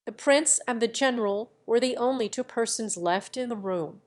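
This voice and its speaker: A woman narrating a classic novel as an audiobook, in a measured, even storytelling manner. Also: on the high side. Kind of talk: scripted literary narration.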